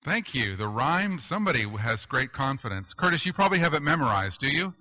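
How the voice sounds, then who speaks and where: A male pastor preaching a sermon, telling stories with deadpan humor and asking rhetorical questions. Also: mid-range voice, brisk, poor audio.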